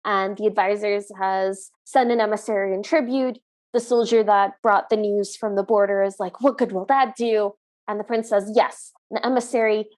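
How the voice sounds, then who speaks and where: A woman co-hosting a podcast, retelling a movie's plot in lively casual chat and acting out the lines. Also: medium pitch. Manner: animated, laughing, recaps scenes and acts out the lines. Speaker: podcast co-host.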